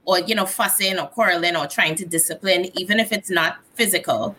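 Trinidadian woman, bright reflective voice. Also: fairly low pitch, brisk, slight background noise, rough recording. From Trinidad and Tobago. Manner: candid, reflective, animated storyteller. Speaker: guest. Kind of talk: casual conversation.

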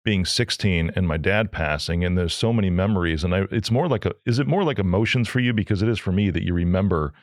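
A male podcast host with a deep, low voice, talking in a relaxed and conversational way with some halting restarts. The sound is dry and close, with little room echo. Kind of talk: casual podcast interview.

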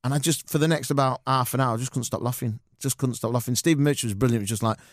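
A man rattling through showbiz stories at a brisk clip. His voice sits at a middling pitch and sounds close and dry, with no room around it. He slips in quoted lines from other people and laughs now and then as he talks. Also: no room sound. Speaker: guest. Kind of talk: casual interview storytelling.

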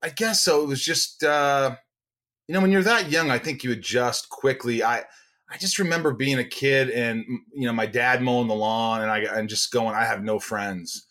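Animated storytelling man, podcast guest. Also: mid-range voice, normal speed. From United States, raised in Indiana. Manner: animated storyteller, acts out voices in his anecdotes.

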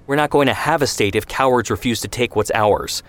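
A man's voice: lowish voice, big pitch swings, fairly quick. A man voicing a sarcastic hot-headed young man. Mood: defiant. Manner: sarcastic, defensive.

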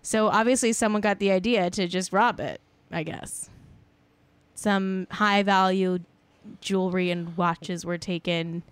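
Woman, podcast co-host, celebrity gossip, rambling with fillers, mid pitch. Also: fairly even intonation, unhurried, clean tone, dry recording. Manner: chatty, rambling, lots of "like" fillers. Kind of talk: casual celebrity gossip chat.

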